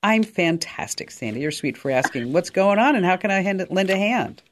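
Her voice on the low side, an upbeat woman runs a tech radio call-in program, going from friendly, chatty advice to an easygoing sponsor spot at a quick, light clip. There's slight background noise.

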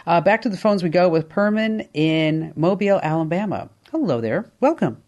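A woman hosting a call-in radio show, talking in an upbeat, chatty way with quick asides. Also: lowish voice, very animated, darkish tone, highs cut off. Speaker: radio talk show host.

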